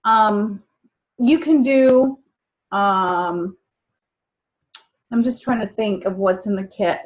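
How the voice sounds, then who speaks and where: A woman's voice: medium pitch, slow pace. A woman giving casual sales training, chatty, acting out what customers say. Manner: chatty, acts out customer dialogues. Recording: dull lo-fi sound.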